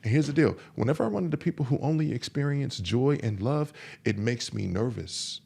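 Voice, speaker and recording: A man's voice: medium pitch, expressive, fairly quick, vocal fry, darkish tone, slightly rough. A man hosting a podcast, coaching other men in an emphatic, repetitive monologue. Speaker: men's coach and podcast host.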